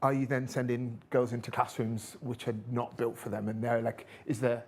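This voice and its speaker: A woman moderating a panel Q&A, enthusiastic and quick to agree. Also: a bass voice, flat delivery, a little mellow, breathy edge.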